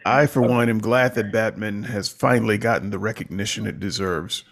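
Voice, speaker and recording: A man hosts a casual panel chat, joking with his guests over a video call. His voice has a gravelly, fry-tinged edge, and he playfully stretches out certain words. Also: lowish voice, steady tone. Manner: jokey, playful, drawn-out. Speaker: host.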